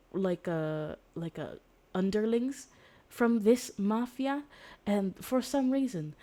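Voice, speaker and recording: A woman's voice: mid-range voice, mellow. A young woman streamer casually retelling a story, rambling with fillers and restarts and swearing freely.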